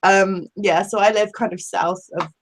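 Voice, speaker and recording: A woman's voice: medium pitch, steady tone, normal speed. An Englishwoman chatting casually as a live-stream guest, giggling often and rambling in a self-deprecating way. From England.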